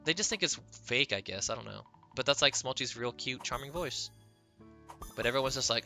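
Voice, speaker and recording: A man's voice: medium pitch, lively intonation, fairly quick, sharp tone, faint music behind. A man streaming a video game, chatting playfully with his viewers and giggling at his own jokes. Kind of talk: casual live-stream chat while gaming.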